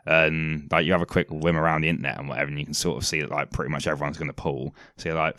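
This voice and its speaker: A man's voice: rumbling low, fairly even intonation, fast, few pauses, a bit bright, no echo, studio quality. A man with a British accent hosting a podcast, chatting casually and rambling through jokes with his friends. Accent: British English. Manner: rambling, joking banter. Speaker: podcast host. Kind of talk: casual chat.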